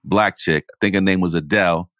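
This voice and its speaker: A man's voice: sits low, a little fast, a bit bright, dry recording, clean studio sound. A man in his forties, a podcast co-host telling a heated, profane story in casual chat. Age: 40s.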